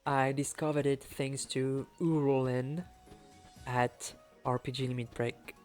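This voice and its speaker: Wolno mówiący mężczyzna z francuskim akcentem. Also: male voice, medium pitch, flat delivery, measured pace, faint music behind. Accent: French. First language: French. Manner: chatty, laughs often, thinks aloud. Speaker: speedrunner streamer. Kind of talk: casual live-stream commentary.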